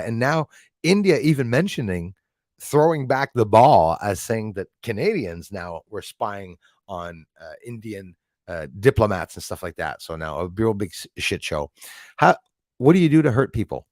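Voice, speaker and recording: With a lowish voice and lively intonation, a man at a moderate pace hosts a relaxed livestream, rambling while he thanks viewers and reads out their chat messages. The studio sound is clean, with no echo.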